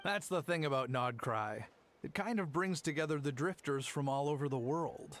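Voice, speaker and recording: An actor playing a polite, apologetic merchant in a game, explaining things in a friendly way. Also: male voice, on the high side, normal speed, fairly bright tone, soft background music, lightly acted. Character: polite adult male traveling merchant. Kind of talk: game voice acting.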